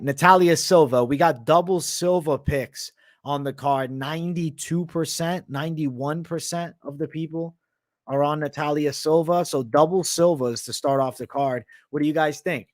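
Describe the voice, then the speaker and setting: A man's voice: a little high, normal speed, no room sound, clean studio sound. Brash profane man with a Boston-New York accent. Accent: mix of Boston, Canadian and Italian, often heard as New York. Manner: brash, animated, swears freely, chats with live viewers. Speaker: host of a live MMA betting and predictions show. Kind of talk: live-stream commentary, casual and profane.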